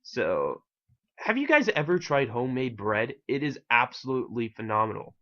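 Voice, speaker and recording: A man's voice: medium pitch, big pitch swings, moderate pace, a bit bright, lo-fi sound. A man giving casual gameplay commentary as host, rambling and self-mocking with casual swearing. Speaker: gaming channel host.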